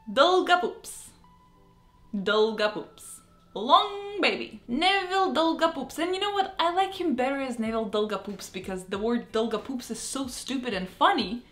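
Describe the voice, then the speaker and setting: Animated high-voiced Russian-accented woman. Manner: animated, playful, exaggerated emphasis. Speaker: vlogger. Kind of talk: casual vlog commentary. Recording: echoey room with faint music.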